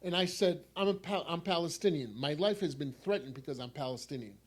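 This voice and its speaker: A man with a New York accent gives a poetry reading in a fairly high voice for a man. His delivery is wry and dry, and he circles back to a refrain again and again. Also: expressive, a little fast. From New York City. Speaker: poet.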